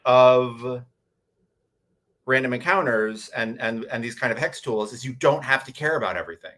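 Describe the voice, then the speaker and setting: A man's voice: medium pitch, normal speed, a bit bright. A man on a convention panel, animatedly telling a tabletop game story with many restarts. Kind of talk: casual panel chat.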